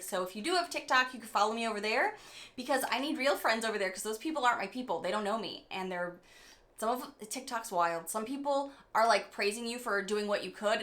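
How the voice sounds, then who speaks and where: Bright-voiced excitable woman vlogger. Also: mid-range voice. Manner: chatty, excitable, rambling asides. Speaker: beauty vlogger. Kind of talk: casual unboxing chat.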